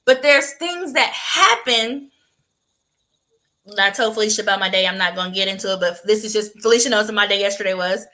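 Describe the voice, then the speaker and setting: A woman co-hosting a podcast, telling personal stories in casual chat with an expressive, emphatic delivery. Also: mid-range voice, a little fast, poor audio. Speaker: podcast co-host.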